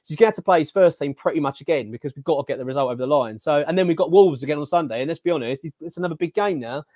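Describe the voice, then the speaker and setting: A man's voice: on the high side, racing, no room sound, clean studio sound. A man, hosting a casual football podcast and ranting animatedly, stumbling over his words. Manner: animated, ranting, filler-heavy. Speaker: podcast host.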